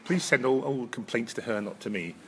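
A Scottish man with a Highland accent, chatting casually as a podcast co-host, rambling through restarts and chuckles. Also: lively intonation, brisk, a little hiss or hum. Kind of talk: casual chat.

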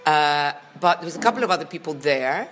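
A woman's voice: low voice, lively intonation, fairly quick, fairly bright tone. A woman with a Scottish accent chatting as a podcast guest, rambling through stories with dry, teasing humour. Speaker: podcast guest, former children's TV presenter. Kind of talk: casual comic chat.

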